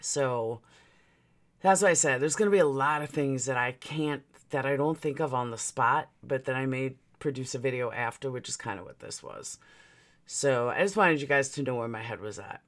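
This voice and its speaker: A woman's voice: extremely low pitch, moderate pace. Woman, vlogger, personal storytime, candid, swears freely, emotional swings.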